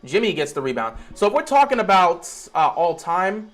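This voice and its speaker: A young man reacting live to a game on his stream, his voice pitched high and leaping all over the place. He talks excitably, drops into mumbled pleading, then bursts into shouts. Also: normal speed.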